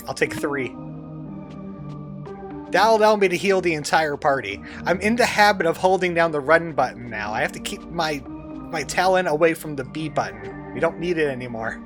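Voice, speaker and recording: Male let's-play host, jokey running commentary, pitched a bit high, over game music. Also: expressive, normal speed. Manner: chatty, jokey, reads game dialogue aloud. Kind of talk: casual gameplay commentary.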